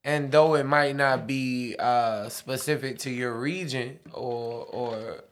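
A man's voice: mid-range voice, steady tone, takes it slowly, fairly bright tone. A man co-hosting a podcast in casual chat, easygoing and trailing off with fillers. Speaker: podcast co-host.

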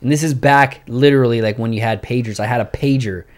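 Brief: young adult man, casual storyteller, profane and animated, mid pitch. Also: fast.

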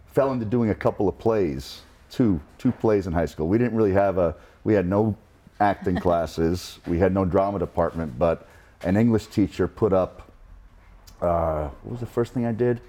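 Low-voiced middle-aged man telling wry stories. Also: moderate pace, mellow. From New Jersey. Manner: wry, self-deprecating anecdotes. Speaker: guest. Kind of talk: casual interview storytelling.

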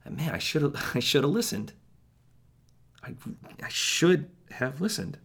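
A man's voice: a little high, big pitch swings, measured pace, vocal fry, breathy edge, exaggerated voice. A man playing a jittery, paranoid young man, rambling with wry asides to the listener in a monologue. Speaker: first-person narrator. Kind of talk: monologue storytelling.

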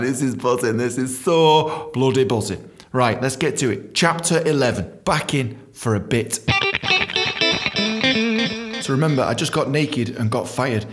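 A young man hosting a podcast, telling a story in an animated, swearing way and acting out other people's voices. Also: mid-range voice. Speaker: podcast host. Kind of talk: casual storytelling.

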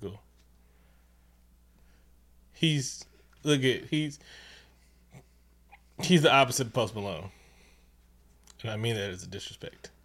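A man co-hosting a casual movie commentary chat, his voice sitting at an ordinary middle pitch. He talks loosely and profanely, laughs easily and slips into animated bits of mimicry. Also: slow, long pauses. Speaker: podcast co-host.

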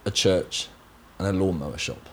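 A man's voice: deep voice, fairly bright tone. A young man from Somerset with a light Somerset accent, chatting casually as a podcast guest and telling stories. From Somerset, England. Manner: chatty, storytelling, quick to laugh. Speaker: guest musician.

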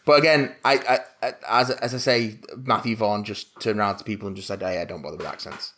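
A man co-hosting a podcast, giving opinions on a film in casual chat, with halting restarts. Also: fairly low pitch, bright, forceful tone. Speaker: podcast co-host.

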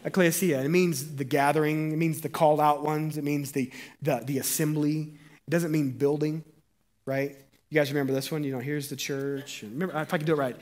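A man preaching a sermon as pastor, animated and jokey, getting the congregation to repeat words after him. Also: on the high side, fairly quick.

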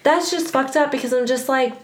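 A young woman co-hosting a casual chat, talking fast and loose with lots of fillers and laughter. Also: high voice. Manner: chatty, laughing, frequent "like" fillers. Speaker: co-host. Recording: roomy echo.

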